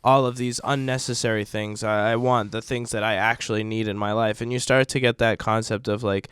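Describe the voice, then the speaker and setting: A man's voice: lowish voice, fairly even intonation, a little fast, a bit bright, clean tone, dry recording, studio quality. A young man co-hosting a podcast in casual chat, sick but loose and slangy. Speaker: podcast co-host.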